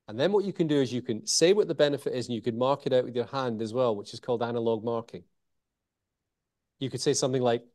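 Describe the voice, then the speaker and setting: A man, talking as an interview guest. He is lively and changes his pace often, slowing right down and pausing to land his key points. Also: medium pitch. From Scotland. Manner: animated, varies pace and pauses for emphasis. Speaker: communication author and trainer. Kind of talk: interview guest explaining techniques.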